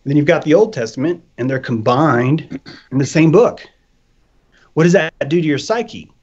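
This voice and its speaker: A man talking loose and animated on a podcast, swearing freely and acting out little voices as he argues. His voice sits a bit high, and the audio is dull and lo-fi. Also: normal speed. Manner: animated, profane, acts out voices. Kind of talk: casual chat. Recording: dull lo-fi sound.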